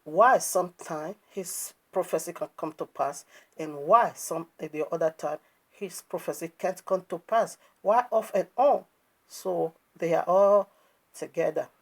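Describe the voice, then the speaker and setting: A woman's voice: on the low side, unhurried. A woman preaching, emphatic and scornful, asking rhetorical questions as she critiques a video. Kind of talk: sermon commentary on a video.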